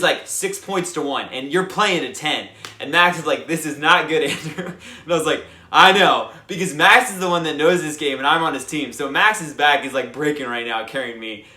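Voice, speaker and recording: A young man hosting a board game channel, telling a lively casual recap full of fillers and acted-out quotes. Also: mid-range voice. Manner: animated, lots of fillers, acts out quotes. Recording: echoey room.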